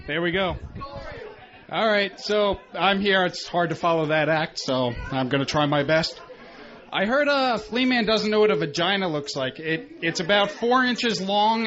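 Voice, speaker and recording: A man doing an awkward, self-deprecating stand-up set on a club stage into a handheld mic. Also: sits high. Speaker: amateur stand-up comic. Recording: muffled radio broadcast, live crowd.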